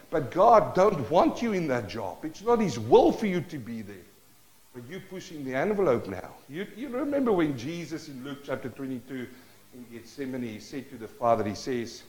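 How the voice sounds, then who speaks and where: High-voiced male pastor preaching. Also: sing-song, normal speed, a little mellow, poor audio. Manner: rhetorical questions to the congregation; acts out prayers and dialogue in shifting tones. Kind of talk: sermon.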